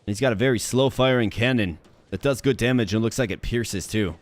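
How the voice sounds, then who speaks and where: A man's voice: mid-range voice, fairly quick, dry recording. A man from Minnesota, hosting a gaming channel, giving chatty, upbeat, slang-filled commentary while he plays. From Minnesota, USA. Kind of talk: casual gameplay commentary.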